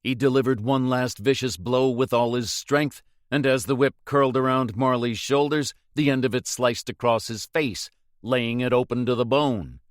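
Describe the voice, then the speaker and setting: A man narrating an audiobook in a measured, dramatic reading. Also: medium pitch, fairly even intonation, no echo, studio quality.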